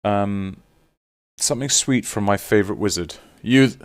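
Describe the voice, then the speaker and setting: A man's voice: lowish voice, measured pace, no echo, clean studio sound. A man chatting casually with viewers on a live stream while signing autographs, teasing and reading out names.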